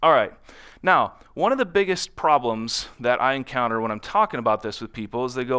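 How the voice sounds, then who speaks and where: A man's voice: mid-range voice, moderate pace, pushed and bright, smooth. A man giving a conference talk in a conversational way, often checking in with the audience and acting out quotes in different voices. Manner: conversational, constantly checks in with "right?"; acts out other people's quotes in shifting voices. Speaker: conference speaker. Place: conference stage.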